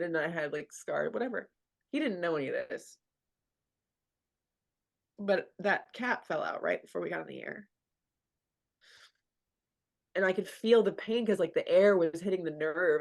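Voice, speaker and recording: A woman speaking earnestly in a candid personal interview, talking as a radio show guest and leaning on fillers like "like.". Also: lowish voice. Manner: earnest, filler-heavy, frequent "like".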